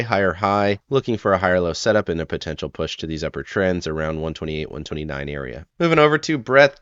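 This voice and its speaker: A man hosting a weekly market update, running through chart points in brisk, clipped phrases. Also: deep voice, clean tone, dry recording, highs cut off. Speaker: channel host, market analyst. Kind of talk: weekly market analysis voice-over.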